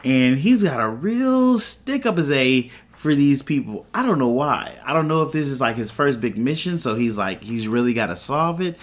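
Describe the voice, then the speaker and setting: A man in a mid-pitched voice recapping a show episode for his podcast. He talks in a loose, conversational way, drifting into asides and side comments as he goes. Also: expressive, moderate pace, few pauses. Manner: loose, chatty retelling with asides and laughs. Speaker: podcast host.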